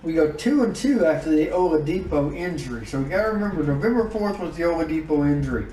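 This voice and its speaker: A man giving casual commentary on his own game season, reacting out loud to each win and loss. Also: a little high, lively intonation, fast, echoey room, far from the mic, poor audio. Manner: emotive, groans and exclaims over results. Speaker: gaming YouTuber.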